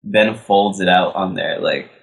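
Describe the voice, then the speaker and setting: Laid-back low-voiced band guy. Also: fairly even intonation, measured pace, gravelly, a bit bright. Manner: laid-back, slangy, rambling. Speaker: band member. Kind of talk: casual chat.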